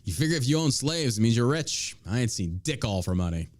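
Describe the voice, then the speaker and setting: A man's voice: mid-range voice, very animated, a little fast, darkish tone. Brief: male podcast host, blunt profane rants, everyday mid-range voice. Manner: profane, ranting, mocking. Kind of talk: casual political commentary.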